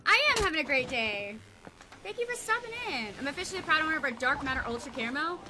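A young woman streaming a video game, chatting casually with viewers, excitable and quick to swear and yell in frustration. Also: high-pitched, noisy background. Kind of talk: casual live-stream chat while gaming.

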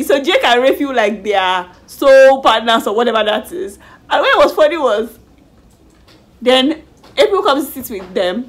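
A woman chatting casually in a lively, animated way as she reviews a reality show. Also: fairly high pitch, normal speed. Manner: lively, animated retelling with slang. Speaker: YouTube reviewer.

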